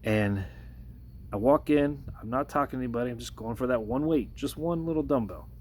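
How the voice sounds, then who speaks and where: A workplace de-escalator records a casual vlog on his phone, recounting a personal story fairly quickly in a darkish-toned voice over a little hiss or hum. He sounds earnest yet hesitant, with many restarts, and goes higher in pitch when describing the confrontation.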